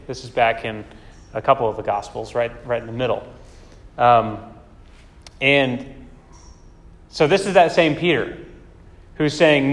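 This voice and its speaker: A man's voice: medium pitch, normal speed, pauses often. A man preaching a sermon in a conversational way, often asking rhetorical questions. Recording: long hall reverb.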